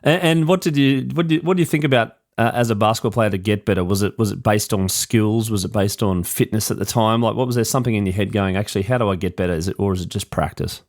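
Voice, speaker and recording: A man hosts a conversational interview in a fairly low voice. He phrases his questions hesitantly, often restarting and rewording them mid-sentence. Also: fast talker, few pauses. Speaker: podcast host.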